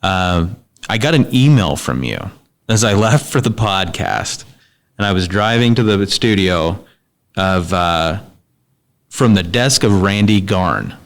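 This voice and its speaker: A man hosting a podcast, asking questions in a slow, deliberate way. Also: sits low, lively intonation. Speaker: podcast host. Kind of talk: casual interview questions.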